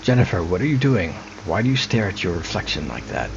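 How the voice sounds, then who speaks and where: A man reading a sullen young man in a game, speaking tersely and flatly over a dull mic. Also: sits low, brisk, vocal fry, a little hiss or hum, exaggerated voice. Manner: flat, terse. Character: cold, sullen young man estranged from his sister.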